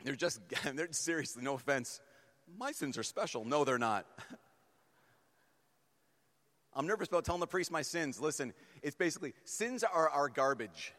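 A male priest giving a humorous, lively sermon to a young crowd and acting out little stories as he goes. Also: a little high, normal speed, long pauses. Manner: humorous, animated, acts out stories. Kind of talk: sermon to a youth gathering. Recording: long reverb in a large hall.

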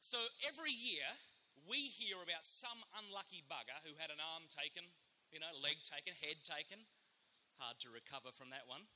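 An Australian man, a father of four, telling a funny true story to an audience with lively, acted-out storytelling and loud bursts. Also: fairly high pitch, moderate pace. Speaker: speaker giving a talk. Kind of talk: comic storytelling to a live audience.

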